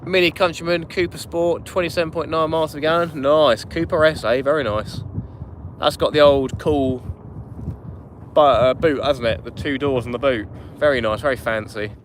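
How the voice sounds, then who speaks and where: A man's voice: on the high side, fairly even intonation, normal speed. A man hosting a live fishing stream from a small inflatable boat at night, chatting and greeting viewers by name. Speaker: fishing channel host. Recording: wind noise on an open boat. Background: wind and water.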